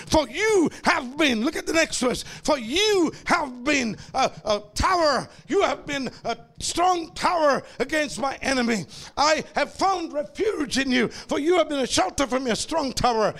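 A man preaching an impassioned sermon, repeating phrases, calling out to the congregation and often breaking into shouts. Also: very high-pitched, gravelly.

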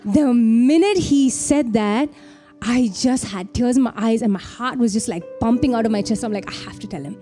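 Warm, chatty young woman telling a story. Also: fairly high pitch, moderate pace, soft background music. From India. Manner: chatty, heartfelt, peppered with "like" and "you know". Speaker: storyteller sharing a personal testimony. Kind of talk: casual personal storytelling.

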